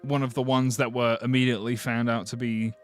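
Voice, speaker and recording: A man's voice: medium pitch, little pitch movement, brisk, faint music behind. A man streaming live, chatting casually with viewers in a blunt, sardonic way and swearing freely.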